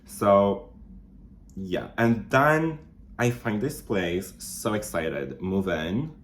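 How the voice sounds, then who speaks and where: A man's voice: expressive, extremely slow. A young man with a French Canadian accent, chatting casually to camera while doing makeup, rambling with lots of fillers and restarts. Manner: rambling, many fillers and restarts, sudden jumps up in pitch. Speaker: vlogger. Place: small studio apartment.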